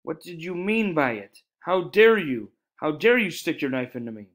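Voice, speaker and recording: Man doing an exasperated schoolboy, raised pitch. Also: big pitch swings, normal speed, fairly bright tone. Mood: angry.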